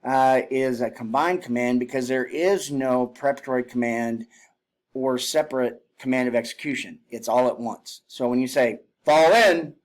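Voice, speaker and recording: A man giving a spoken lesson on military drill, explaining plainly and breaking into loud shouted commands and counts when he demonstrates. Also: medium pitch. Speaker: drill instructor.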